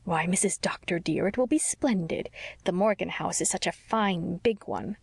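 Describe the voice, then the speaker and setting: A woman doing a brisk, no-nonsense housekeeper. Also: lowish voice, vocal fry, husky, no echo, clean studio sound. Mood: cheerful. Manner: brisk and matter-of-fact. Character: practical, cheerful older housekeeper woman.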